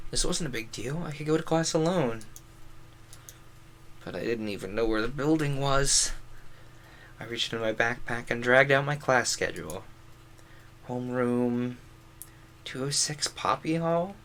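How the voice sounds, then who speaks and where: A man's voice: medium pitch, moderate pace, long pauses, a bit bright, slight background noise. A man streaming a visual novel, reading the story aloud and adding chatty, amused commentary. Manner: chatty, amused asides between read lines.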